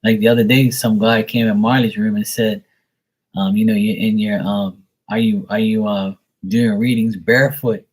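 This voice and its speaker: A man's voice: on the low side, level tone, moderate pace, breathy edge. A man giving live tarot readings, talking bluntly and profanely in a casual monologue, acting out others in mocking voices.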